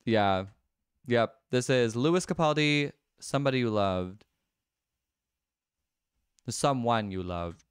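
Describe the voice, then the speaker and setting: A man's voice: medium pitch, animated, slow pace, long pauses, smooth, no echo, clean studio sound. A young man livestreaming a music quiz, chatting casually, laughing often and answering viewers by name. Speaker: livestreamer and singer.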